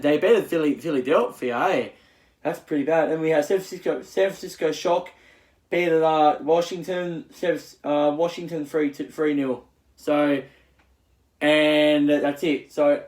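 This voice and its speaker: Halting man with fillers, echoey room. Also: a little high, a little mellow. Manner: halting, full of fillers and restarts. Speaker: channel host. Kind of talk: casual esports results recap.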